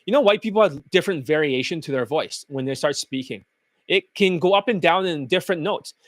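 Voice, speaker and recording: A man's voice: fairly high pitch, animated, fairly quick, no echo, clean studio sound. A man who coaches dating, talking in a blunt, crude and scornful rant. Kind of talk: profane ranting monologue.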